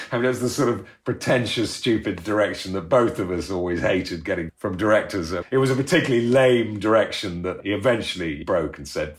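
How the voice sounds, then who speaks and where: A man's voice: low voice, expressive, a little fast, hardly any pauses. A middle-aged man telling rambling, self-deprecating stories in a casual interview, laughing often. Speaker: actor recalling a show.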